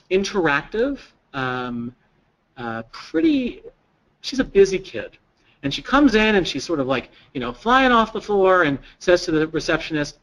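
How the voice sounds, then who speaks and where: Man, fairly high voice, training lecture, quizzes the room, repeats answers back. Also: a bit bright, poor audio. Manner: engaging, questions the audience and repeats their answers. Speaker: presenter at a staff training. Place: training room with a live audience.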